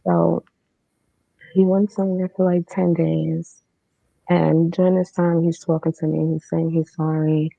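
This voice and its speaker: A woman's voice: on the low side, little pitch movement, unhurried, vocal fry, dark tone, no room sound. A woman telling her own story as a guest, in a candid, matter-of-fact way with casual fillers. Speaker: podcast guest. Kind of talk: personal storytelling. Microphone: remote streaming setup. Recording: dull lo-fi online stream.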